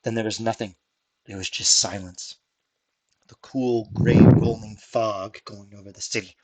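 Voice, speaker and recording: A man's voice: lowish voice, steady tone, a little slow, a little mellow. A man voicing a tipsy male human veteran who tells a rambling, folksy tall tale in a tabletop game. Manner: folksy, rambling storyteller drawl. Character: drunk male human veteran telling war stories.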